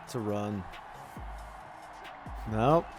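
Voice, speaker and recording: A man's voice: lowish voice, very slow, over music. A young man giving casual, joking commentary over a football video game, trash-talking his players as he plays. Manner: loud, joking trash talk at the screen. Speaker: gaming commentator.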